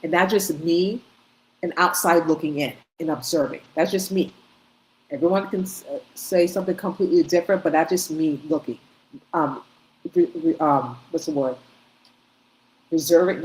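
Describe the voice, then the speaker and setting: Woman host, low voice, emphatic and repetitive opinion commentary, faint room hum. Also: a little mellow, rough recording. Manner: emphatic, repetitive, talks in short bursts with restarts. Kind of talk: opinionated commentary on video clips.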